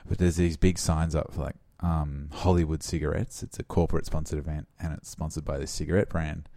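A man's voice: extremely low pitch, level tone, fairly quick, gravelly, dark tone, no room sound. An Australian man chatting casually as a podcast host, rambling with lots of fillers and frequent laughs. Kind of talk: casual chat.

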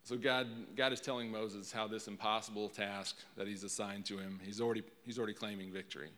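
A man gives a casual, conversational sermon in a lowish but bright, forceful voice. He often repeats a word as he restarts a thought. His voice rings with the long reverb of a large hall. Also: steady tone, a little fast. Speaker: preacher.

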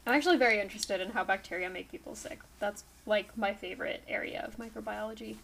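Woman, podcast host, upbeat, giggly, mid-pitched voice. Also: steady tone, fast talker, vocal fry, fairly bright tone, slight background noise. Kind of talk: casual podcast chat.

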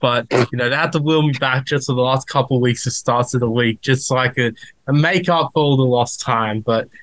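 A man co-hosting a podcast, sounding sick and talking in a rambling, halting way. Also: medium pitch, fairly bright tone, dry recording. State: sick, hoarse. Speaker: podcast co-host.

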